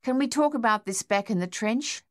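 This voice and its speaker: A woman voices a young male Australian soldier, urgently coaxing his friend to move. She pitches her natural-sounding voice above her own, landing fairly high, and speaks at normal speed in a dry, studio-quality recording.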